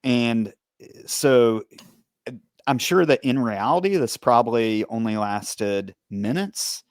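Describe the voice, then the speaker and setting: A man of middle pitch hosts a podcast with a steady way of talking, asking questions and recounting his side of the events. His voice sits close to the mic with a dry, dead sound. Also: takes it slowly, no room sound. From United States. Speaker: podcast host, former police officer. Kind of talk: interview conversation.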